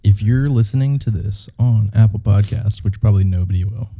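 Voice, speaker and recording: A young man co-hosting a podcast in relaxed, casual chat, easygoing and thankful toward listeners. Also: lowish voice, fairly quick. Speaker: podcast co-host.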